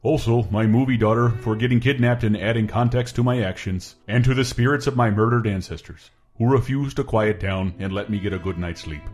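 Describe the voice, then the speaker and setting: A man's voice: lowish voice, a little fast, few pauses, a little mellow, voice pushed down, natural voice. A man voicing a grave frontiersman giving a mock-solemn acceptance speech in a comedy sketch.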